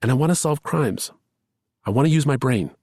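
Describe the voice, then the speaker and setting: A man's voice: medium pitch, animated, darkish tone, breathy edge, dry recording, studio quality, voice pushed up. A man reading a thriller audiobook, voicing an earnest, eager young woman who is a police rookie. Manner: eager, pleading, fast-rising emotion.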